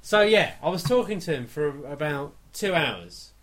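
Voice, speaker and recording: A young man hosting a podcast, chatting casually and telling stories with lots of quick repeated "no, no". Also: fairly high pitch, a little hiss or hum. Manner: animated, storytelling with lots of repeated "no, no". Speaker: podcast host. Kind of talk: casual chat.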